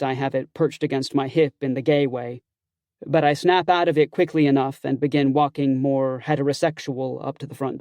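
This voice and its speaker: A man's voice: mid-range voice, darkish tone, no echo. A man narrating a first-person audiobook in a wry, conversational, self-conscious way, close to a studio mic.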